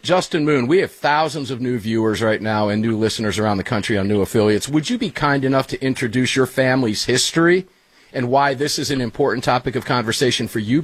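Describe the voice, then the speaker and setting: A middle-aged man hosting a talk radio show from his studio, energetic and chummy, calling listeners guys and brother. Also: mid-range voice, husky, dry recording. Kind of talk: casual talk radio banter.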